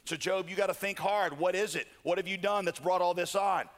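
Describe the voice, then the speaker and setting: A man's voice: sits high, brisk, close to an everyday voice. A man voicing Job's friends, who lecture him insistently. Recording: long hall reverb.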